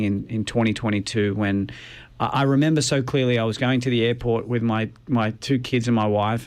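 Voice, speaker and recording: Earnest man sharing his story. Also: fairly low pitch. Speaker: guest. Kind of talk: personal testimony interview.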